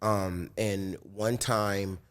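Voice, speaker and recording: A man's voice: on the low side, fairly even intonation, extremely slow, a bit bright, smooth. A man chatting as a guest on an interview show, laid-back and joking, often laughing. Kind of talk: casual interview chat.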